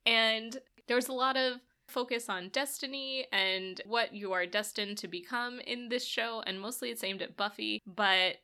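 A woman talking in a relaxed podcast chat, with a bright, forceful tone. She works through her ideas thoughtfully and breaks into laughs easily. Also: on the high side, measured pace, few pauses, clean tone. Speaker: podcast co-host. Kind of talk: casual chat.

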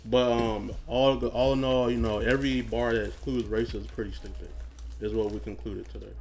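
A man's voice: mid-range voice, little pitch movement, a little mellow, slight background noise. Joking man hosting a laid-back podcast. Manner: joking, quick to say sorry. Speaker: podcast host. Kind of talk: casual podcast chat.

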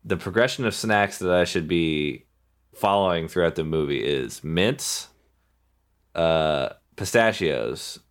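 A man with a deep voice that swings widely in pitch, chatting casually about a movie. He halts and restarts his sentences often. His delivery is loose and conversational. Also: expressive. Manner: halting, with frequent restarts and fillers. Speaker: podcast co-host. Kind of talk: casual film discussion.

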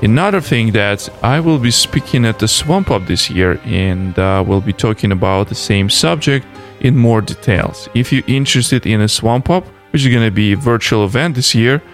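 Russian-accented male podcast host. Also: medium pitch. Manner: frequent "uh" pauses, dropped articles. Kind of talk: podcast interview.

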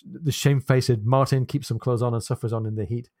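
A man on a book podcast, retelling a chapter in a measured, descriptive way with small hesitations. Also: mid-range voice, steady tone, darkish tone, no room sound, clean studio sound. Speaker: podcast co-host.

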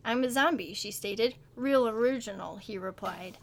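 Reading at a moderate pace in a slightly high voice, a woman shares a comic story with friends on a podcast she co-hosts. She puts on little voices for the characters' quotes and keeps laughing.

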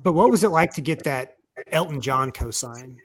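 Man, host, high voice, rambling, restarting questions. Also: expressive, moderate pace. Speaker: interview host. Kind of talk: casual interview.

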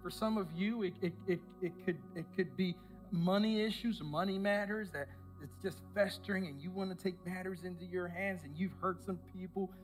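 A man preaching a sermon, telling a self-mocking personal story in an animated way and acting out the people in it. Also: high-pitched, moderate pace, soft background music. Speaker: pastor.

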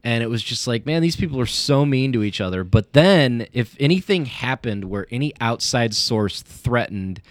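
A man in relaxed podcast conversation, rambling through stories with lots of "like" and "you know" and frequent restarts. His pitch sits in an ordinary middle range. The sound is dry and close, with no room around it. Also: moderate pace, hardly any pauses, no echo. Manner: rambling, many fillers and restarts. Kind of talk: casual chat.

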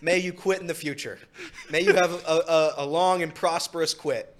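A man's voice: a little high, steady tone, normal speed. A man co-hosting a casual sports radio show, joking and teasing with a laugh in his voice. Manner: teasing and jokey, laughing often. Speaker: radio co-host and producer.

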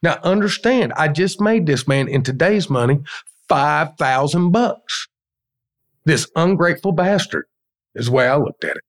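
A man's voice: fairly high pitch, lively intonation, normal speed. A man, a business owner telling blunt, profane stories as a podcast guest. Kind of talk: casual storytelling.

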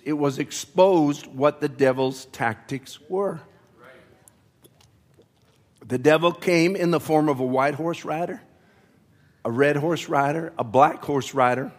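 Slow-preaching man with a cough. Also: on the high side. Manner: slow, deliberate preaching with asides to the congregation. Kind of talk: sermon. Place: church sanctuary.

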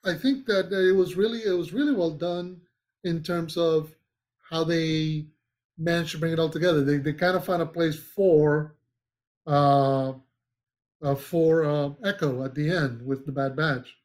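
A man's voice: fairly high pitch, steady tone, unhurried, darkish tone. A man co-hosting a casual podcast chat, rambling with restarts and searching for names as he talks. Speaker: podcast co-host.

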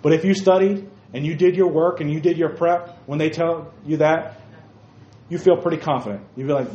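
This preacher's voice is a little high and warm, moving at a normal speed as he addresses a room of young men in church. Emphatic, he repeats key phrases and calls people by name. Faint noise sits under a roomy, dull, lo-fi recording.

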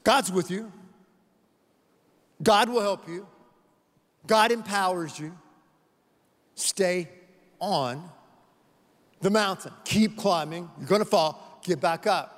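A man's voice: sits high, slow pace, pauses often, fairly bright tone, in a large hall. A man preaching a sermon, earnest and repeating words for emphasis as he tells a story. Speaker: pastor.

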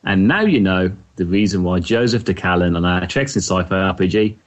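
A man's voice: deep voice, animated, fairly quick. An Englishman hosting a casual podcast about films, chatty, laughing often and repeating words as he goes. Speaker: podcast host. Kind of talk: casual film discussion.

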